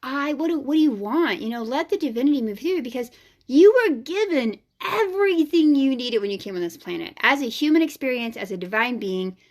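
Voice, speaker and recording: A woman with a fairly high voice hosts her own vlog as an energy healer. She talks in a frank, casual way and puts strong emphasis on her points, dropping the odd swear word. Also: lively intonation, a little fast. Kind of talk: casual spiritual vlog talk.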